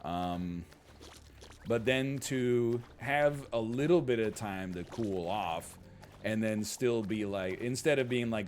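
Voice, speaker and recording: A man's voice: lowish voice, takes it slowly, soft background music. A man reading out a post and then rambling through casual reaction commentary, full of fillers and asides. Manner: animated, rambling, frequent fillers and laughs.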